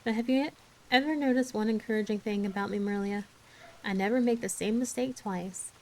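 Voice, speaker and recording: A woman's voice: mid-range voice, a little fast, lightly acted. Woman reading as a tearful dramatic orphan girl. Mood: forlorn.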